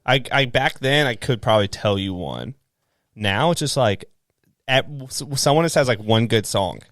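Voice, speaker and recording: A man's voice: medium pitch, lively intonation, normal speed, a bit bright, no room sound. Young man with a dry close-mic sound. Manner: loose, laughing, swears a lot, many fillers. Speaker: podcast co-host. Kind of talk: casual chat.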